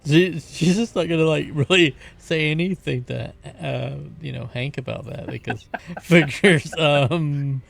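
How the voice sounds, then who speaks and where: Tabletop player: a gravel-toned man, loose and giggly, narrating what his character does. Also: fairly high pitch, measured pace, few pauses. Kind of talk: casual tabletop role-play.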